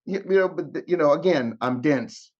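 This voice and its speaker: A man's voice: fairly high pitch, moderate pace, a little mellow, husky, highs cut off. A man guest on a podcast, telling an emotional story and acting out the dialogue, often repeating and restarting words. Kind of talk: animated storytelling with re-enacted dialogue.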